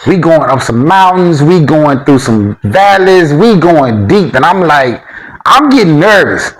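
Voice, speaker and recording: A man from Alabama with a Southern accent co-hosts a vlog, chatting casually about life abroad. He tells laid-back, slangy stories full of chuckling asides, in a slightly high voice with big pitch swings and a measured pace. The recording is low quality.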